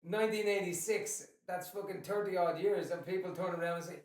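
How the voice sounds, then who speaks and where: Irish dad, echoey and off-mic. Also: male voice, high voice, steady tone, a little fast. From Ireland. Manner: swears freely, leans on "you know what I mean". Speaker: podcast co-host, father. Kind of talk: casual chat. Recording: echoey room, distant from mic.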